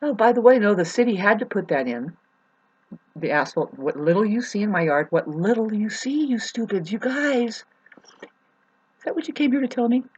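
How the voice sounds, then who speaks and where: A woman in an angry rant to camera about her neighbours, swearing, her voice swinging from shouting to low and sad. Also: animated, normal speed, slightly rough, highs cut off. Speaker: vlogger. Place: home in the mountains.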